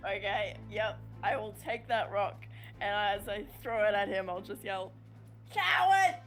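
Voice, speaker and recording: A woman's voice: mid-range voice, fairly even intonation, moderate pace, faint music behind. A woman playing a tabletop game, hesitant with many ums and easy giggles. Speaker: player.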